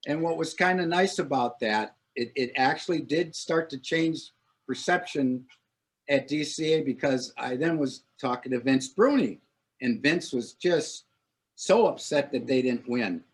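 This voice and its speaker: Husky man telling lively stories. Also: mid-range voice, a little slow. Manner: animated anecdote teller, acts out quotes. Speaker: longtime corps director. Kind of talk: casual storytelling.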